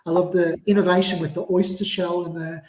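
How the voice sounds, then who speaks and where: A man's voice: sits high, level tone, brisk, a little mellow. A man, a distiller guest, chatting on a podcast in an enthusiastic, reflective way. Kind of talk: casual podcast chat. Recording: roomy echoey sound.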